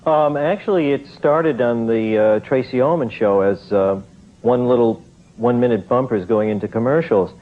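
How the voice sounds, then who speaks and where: An older man, a voice actor, telling an anecdote in a relaxed, rambling way with fillers. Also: medium pitch, normal speed. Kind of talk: interview anecdote. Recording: tinny phone-like audio.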